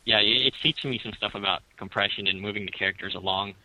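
A man's voice: fairly low pitch, steady tone, fast, crowd noise, rough recording. A man in his thirties as a guest, speaking hesitantly with repeated words and fillers. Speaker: guest comic creator. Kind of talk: casual interview chat.

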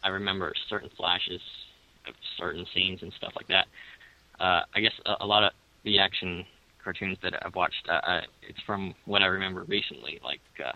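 A man's voice: sits low, fairly even intonation, moderate pace, creaky, pushed and bright, muffled recording. A man in his thirties as a guest, speaking hesitantly with repeated words and fillers. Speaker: guest comic creator. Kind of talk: casual interview chat.

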